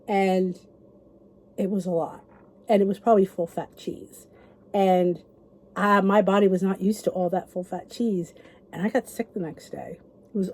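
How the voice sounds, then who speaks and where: A woman's voice: mid-range voice, dark tone. A middle-aged woman vlogger, talking to the camera in a chatty, rambling and encouraging way. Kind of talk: casual chat to camera.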